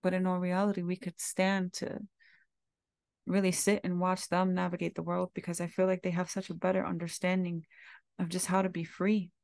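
Low, gravelly-voiced woman speaking from the heart. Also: monotone, moderate pace, a little mellow, dry recording, studio quality. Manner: heartfelt and confessional, casual swearing. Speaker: podcast host. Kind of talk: candid reflective monologue.

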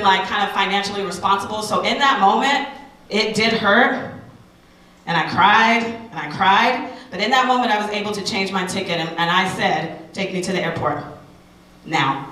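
A woman in her thirties, a radio personality, giving a candid personal testimony talk to an audience, animated and full of asides. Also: medium pitch, moderate pace, very echoey, far from the mic, low-quality recording.

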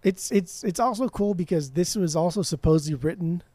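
A man's voice: high voice, brisk, dark tone, no room sound. A man co-hosting a podcast, chatting casually about an album, brash and teasing, swearing freely. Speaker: podcast co-host. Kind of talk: casual music review chat.

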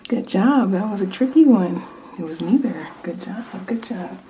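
A woman in a whispered role-play, acting as an examiner who gives a hearing test and whispers words softly into each ear. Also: mid-range voice, animated, a little hiss or hum, low-quality recording. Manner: soft, slow and soothing, whispering word lists into each ear.

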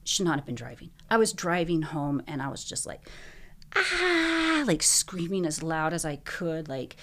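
A young woman, a guest in an interview, telling her own story earnestly, full of "like"s and quick bursts. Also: deep voice.

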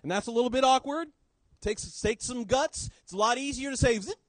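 A man preaching a sermon in church, swinging between loud emphasis and quiet low drops. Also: brisk, no room sound, rough recording.

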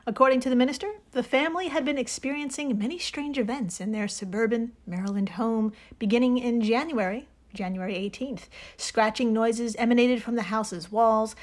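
A woman co-hosting a podcast who leads each segment as the storyteller. Her voice sits a little high, and she narrates with playful, dramatic flair. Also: moderate pace, darkish tone. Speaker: podcast co-host.

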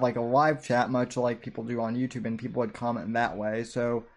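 Male podcast host, mid-pitched, casual, rambling and self-deprecating. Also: darkish tone. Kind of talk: casual reflective commentary.

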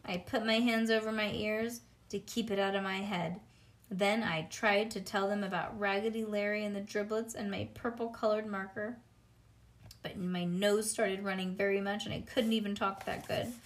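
A woman reading a children's storybook aloud in a lively, childlike first-person narration. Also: mid-range voice. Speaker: reader.

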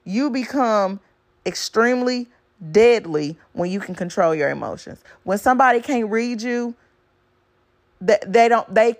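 Speaking in a mid-range voice, this podcast host gives casual motivational talk, addressing listeners directly. Her advice is blunt, preachy, and laced with swearing, and she drives every point home with a repeated "okay?"

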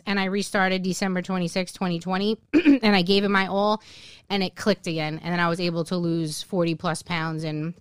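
Emphatic woman in her forties, smooth voice. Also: on the low side, steady tone, brisk, dry recording, studio quality. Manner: emphatic storyteller who acts out her own remarks. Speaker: podcast guest. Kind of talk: casual chat. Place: podcast studio.

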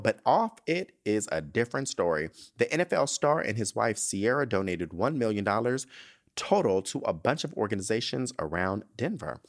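A young male podcast host with a lowish voice that jumps all over as he talks. He reads celebrity headlines, then breaks off into sassy, campy asides in a loose, chatty way. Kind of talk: casual solo commentary on celebrity news.

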